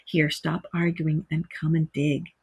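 A brisk, practical male rat from a storybook who sounds eager and a bit bossy, as a woman reads him aloud. Her voice has a slight husk. The recording is dry and close. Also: deep voice, little pitch movement, gravelly, slightly rough, dry recording, full character voice. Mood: impatient. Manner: bossy, eager, sometimes exasperated.

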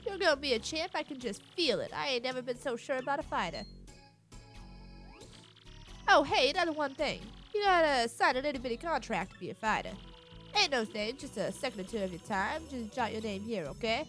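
A woman's voice: high voice, very animated, a little fast, fairly bright tone, soft background music. A woman voicing a folksy, boastful older male fight promoter with a drawl, reading game dialogue aloud. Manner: folksy drawl, calls everyone son.

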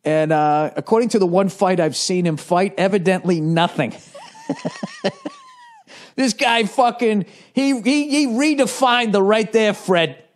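Profane, rambling comedian with a slightly high voice. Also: male voice, unhurried. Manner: profane, animated storytelling with many restarts. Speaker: comedian hosting a podcast. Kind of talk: casual rambling monologue.

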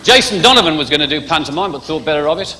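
A man's voice: fairly high pitch, expressive, very fast, over a noisy crowd, very noisy. Cheeky Brummie man doing stand-up live. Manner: chatty, cheeky, slips into mock voices for jokes. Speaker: stand-up comedian. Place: large theatre stage, live audience. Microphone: stage microphone. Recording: live theatre recording with hall echo and loud audience. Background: audience laughter.

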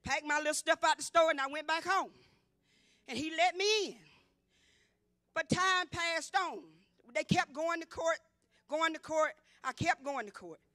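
High, bright-voiced woman in her fifties. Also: unhurried, no echo, clean studio sound. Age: 50s. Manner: lively storyteller acting out the dialogue, rising to emphatic exclaiming. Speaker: church member giving testimony. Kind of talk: church testimony. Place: church convocation.

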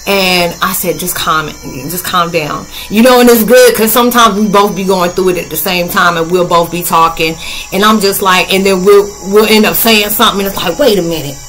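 A woman's voice: medium pitch, fairly even intonation, fairly quick, a bit bright, faint music behind, rough recording. A woman hosting a spiritual podcast in a casual, chatty way, acting out both sides of conversations. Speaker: podcast host. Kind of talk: casual spiritual talk to listeners.

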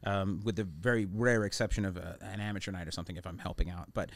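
A man's voice: low-pitched, steady tone, gravelly, no room sound. A man hosting a comedy podcast in a studio, rambling through stories and jokes. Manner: rambling, joking, quick to laugh.

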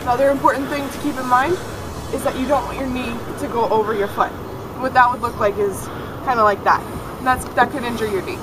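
High-voiced, upbeat woman coaching a workout. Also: steady tone, fast, music in the background. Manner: upbeat and encouraging, giving step-by-step cues. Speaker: fitness instructor. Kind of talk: outdoor workout instruction. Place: outdoors in a beach park with benches.

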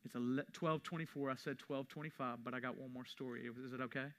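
Bright-voiced pastor preaching. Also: male voice, mid-range voice, fairly even intonation, fast. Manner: conversational storytelling, rising to emphatic preaching. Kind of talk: sermon. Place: church sanctuary.

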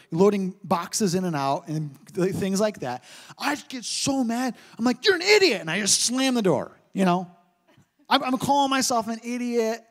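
A man in his thirties preaching a sermon, joking and telling stories as he teaches. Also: high voice. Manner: animated, joking storyteller. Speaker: pastor. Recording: preached in a hall with long reverb.

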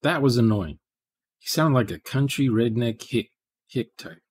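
A man's voice: medium pitch, animated, a little slow, darkish tone, husky. A man, casually chatting with viewers during a live programming stream, rambling and thinking aloud.

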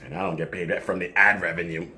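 A man's voice: sits low, steady tone, fast, bright, forceful tone. Joking, foul-mouthed man in an echoey kitchen. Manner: profane, joking, rambling. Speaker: supplement reviewer. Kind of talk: casual vlog review. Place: home kitchen.

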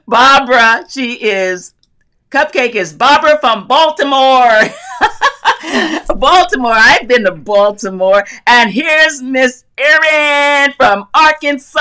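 A woman's voice: high voice, lively intonation, slow pace, pushed and bright. A middle-aged woman from North Carolina hosting a crafting livestream, chatting effusively, laughing often and greeting viewers by where they live. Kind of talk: casual live chat reading viewer comments.

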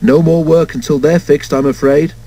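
A man voicing a kindly, steady engine driver who speaks in a reassuring, encouraging way, in a storybook reading. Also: a little high, moderate pace, natural voice. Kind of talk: storybook character voice.

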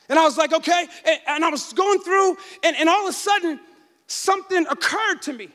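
A man in his forties preaching a sermon as pastor, shouting out lines and calling on the congregation to answer back. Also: extremely high pitch, moderate pace, in a large hall. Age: 40s. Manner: shouting, call-and-response preaching. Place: church sanctuary.

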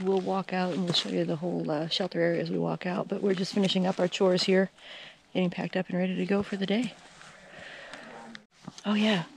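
A woman's voice: fairly low pitch, creaky, slight background noise. A woman vlogging a hike, chatting casually to her handheld camera at an outdoor campsite. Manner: relaxed, chatty, with many fillers. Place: outdoor campsite by a trail shelter. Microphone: handheld camera held by the speaker.

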